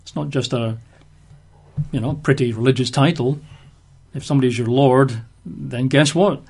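A man's voice: medium pitch, normal speed, vocal fry, darkish tone, husky. A man giving conversational Bible teaching, explaining verses with everyday examples.

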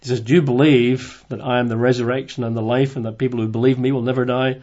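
A man giving an informal Bible study, reading verses aloud and then commenting on them in a relaxed, conversational way. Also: mid-range voice, fast talker, few pauses, muffled recording. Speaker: Bible teacher.

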